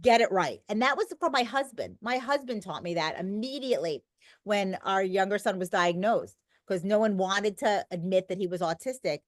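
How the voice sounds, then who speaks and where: A woman's voice: medium pitch, normal speed, no room sound. A middle-aged woman talking as a podcast guest, an emphatic and talkative storyteller in casual conversation. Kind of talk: conversational interview.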